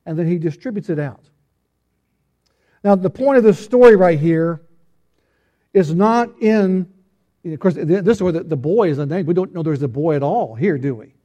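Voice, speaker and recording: A man delivers a relaxed, conversational sermon, teasing his congregation and tossing out rhetorical questions. His voice sits a little high for a man, with a soft, mellow tone. He often stumbles and restarts, repeating words as he thinks aloud. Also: normal speed, long pauses, highs cut off. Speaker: pastor.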